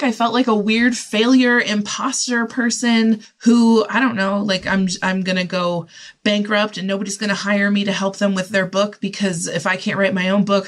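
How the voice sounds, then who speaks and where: A woman's voice: lowish voice, a bit bright. A young adult woman hosting her own podcast and talking through her struggles in a casual, rambling way, with many fillers and restarts and a candid, self-deprecating tone. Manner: rambling, heavy use of "like" and restarts. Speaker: podcast host and writing coach. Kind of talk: casual solo podcast monologue.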